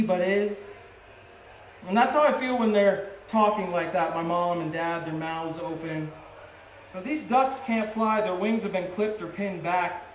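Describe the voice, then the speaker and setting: High-voiced man reading poetry live. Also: slight background noise. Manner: measured, short-phrased delivery with rising intensity. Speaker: poet reading his work. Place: coffee shop and bar venue. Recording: roomy live venue recording.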